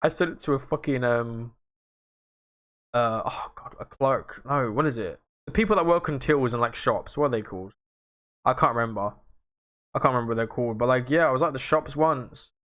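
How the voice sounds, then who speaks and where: A young man hosts a casual livestream, talking loosely and swearing now and then. He rambles through viewer questions in a self-mocking way, at an ordinary male pitch. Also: fairly quick, a bit bright. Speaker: livestream host.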